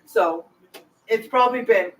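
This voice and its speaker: A woman's voice: on the high side, unhurried, recorded from a distance, heavy background noise. A woman home cook chatting casually to her viewers in her kitchen, rambling from one thought to the next. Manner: rambling, talks straight to viewers. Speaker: home cooking vlogger. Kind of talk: casual cooking chat.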